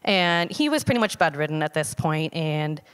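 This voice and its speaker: A woman telling a personal testimony to a church congregation in a conversational, halting way, with frequent fillers and restarts. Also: low voice, very animated, smooth. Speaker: church member giving a testimony. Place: church sanctuary. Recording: long hall reverb.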